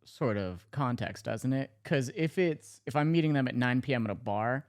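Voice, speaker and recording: A man's voice: mid-range voice, animated, moderate pace. A man as the guest in casual chat, rambling, correcting himself and laughing a lot.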